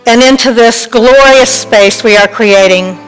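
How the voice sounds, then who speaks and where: A woman minister telling a joke with laughter and leading a calm, softly spoken prayer in a church sanctuary. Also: fairly high pitch, measured pace, faint music behind, low-quality recording. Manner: warm, laughing storyteller, then soft and calm in prayer. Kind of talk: sermon joke and guided prayer.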